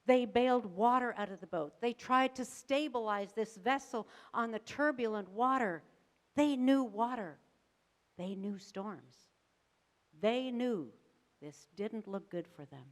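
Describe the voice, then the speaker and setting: Slow, dramatic woman pastor preaching. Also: mid-range voice. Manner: dramatic storytelling with varied emphasis and pauses. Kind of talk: sermon. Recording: long reverb of a church sanctuary.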